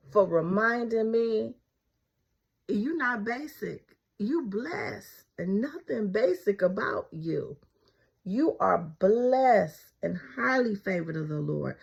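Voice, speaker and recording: A middle-aged woman with a mid-range, creaky, slightly rough voice talks off the cuff to her viewers. She offers fervent, repetitive devotional encouragement mixed with casual asides. The lo-fi recording sounds slightly dull.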